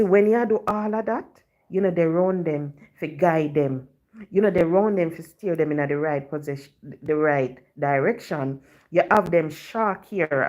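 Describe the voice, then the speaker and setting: A woman's voice: low voice, a little mellow. A Jamaican woman telling a story to her live-stream viewers in chatty patois, often dropping in "you know".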